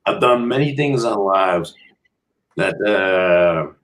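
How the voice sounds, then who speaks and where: A man's voice: low-pitched, animated, takes it slowly, fairly bright tone. An American man chatting as a guest on a video call, rambling and full of fillers and restarts. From United States. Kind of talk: casual chat.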